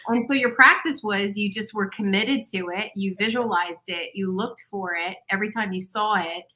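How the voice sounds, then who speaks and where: A woman's voice: medium pitch, normal speed, pushed and bright, rough recording. A woman hosting a casual conversation, enthusiastically summing up and affirming her guest's points. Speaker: host.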